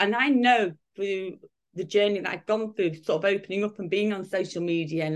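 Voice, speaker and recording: Woman in her fifties, rambling. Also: medium pitch. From United Kingdom. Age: 50s. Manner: rambling, many restarts and fillers. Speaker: guest. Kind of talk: casual interview chat.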